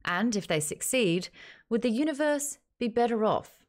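A woman's voice: on the high side, expressive, moderate pace, a little mellow, pitched above the performer's own voice, natural voice. A woman imitating a grave, dramatic audiobook narrator while reading a book blurb aloud. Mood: portentous.

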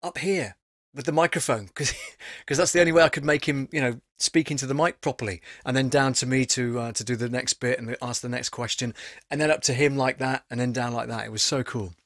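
A man's voice: medium pitch, fairly even intonation, fairly quick, fairly bright tone, dry recording. A man hosting a casual voice-acting live stream from a home studio, rambling and chatty with many fillers.

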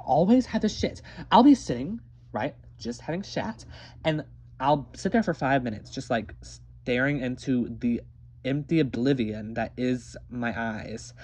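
Performer as an ostrich puppet, husky and crude, voice leaping all over the place. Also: medium pitch. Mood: rambling. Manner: rambling, crude, joking. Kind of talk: comedic puppet-show acting.

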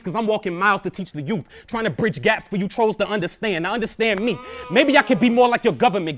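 Young male battle rapper with a high voice; confrontational, punchline-heavy delivery, repeats lines for emphasis. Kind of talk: live battle rap verse.

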